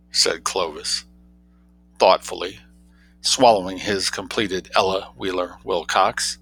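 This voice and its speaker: A man narrating an audiobook in a measured, crisp reading. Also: deep voice, fairly even intonation, bright, forceful tone, a little hiss or hum, low-quality recording. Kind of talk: scripted narration.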